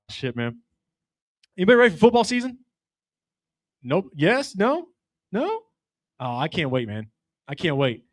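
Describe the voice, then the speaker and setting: Middle-aged male stand-up, brash and profane, acts out voices, slightly high pitch, dry close sound. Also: no echo. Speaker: stand-up comedian. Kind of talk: stand-up comedy set.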